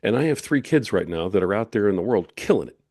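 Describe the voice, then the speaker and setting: A man's voice: lowish voice, animated, fast talker, a little mellow, no room sound, clean studio sound. A middle-aged man hosting a solo podcast, talking in emphatic, preachy, punchy declarations. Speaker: podcast host.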